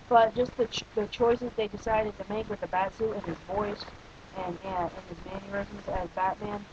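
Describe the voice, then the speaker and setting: A man's voice: sits high, highs cut off, slight background noise. Rambling young male home reviewer. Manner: rambling, opinionated, frequent restarts and fillers. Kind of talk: casual spoken movie review.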